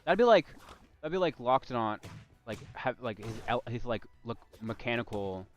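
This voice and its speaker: A man's voice: medium pitch, sing-song, normal speed, soft background music. A man streaming ranked matches in casual gaming chat, rambling and often trailing off and restarting mid-sentence.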